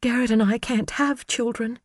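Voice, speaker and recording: A man voicing a frightened, tearful woman witness who speaks in a trembling, hushed voice. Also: very high voice, fairly even intonation, normal speed, no echo, clean studio sound, voice pushed up.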